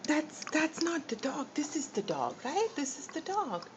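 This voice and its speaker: A woman's voice: sits high, very animated, measured pace, noisy background. A woman teaching small children at home, sing-song and patient, repeating her questions and making animal sounds, filmed on a phone. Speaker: parent teaching young children. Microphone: phone camera. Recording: muffled phone video recording.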